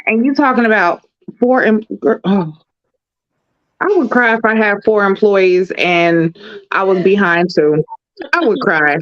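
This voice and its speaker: A woman co-hosting a casual recap chat, sassy and animated, calling everyone girl. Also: medium pitch, a little slow, muffled recording. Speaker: podcast co-host.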